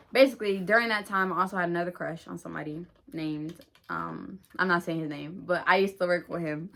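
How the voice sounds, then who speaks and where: A woman's voice: fairly low pitch, creaky, sharp tone. Chatty young woman telling a storytime. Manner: chatty, slangy, laughs at herself. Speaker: vlogger. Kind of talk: casual storytime.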